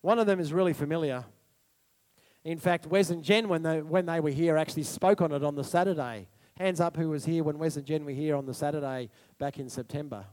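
Male pastor, high tenor, animated sermon delivery with whoops. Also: brisk. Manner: animated preaching, sudden whoops, laughs. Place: church hall.

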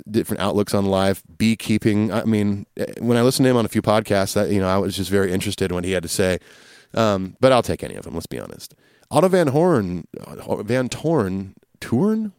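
A man's voice: fairly low pitch, darkish tone, clear, resonant tone, no room sound, clean studio sound. A man hosting a podcast, chatting casually through listener questions in an easygoing, rambling way full of fillers and restarts. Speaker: podcast host.

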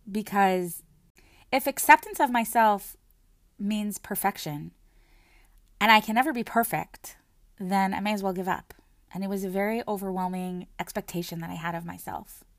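A woman's voice: medium pitch, no room sound, studio quality. A woman and mother talking earnestly about her own experience in a reflective personal talk, often repeating words and restarting her sentences. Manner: earnest and soft-spoken, with frequent word repetitions and restarts.

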